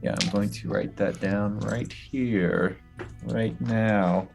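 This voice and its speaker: A man playing a tabletop game, speaking in a hesitant, halting way. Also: on the low side, steady tone, gravelly, music in the background. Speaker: player. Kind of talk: casual tabletop play.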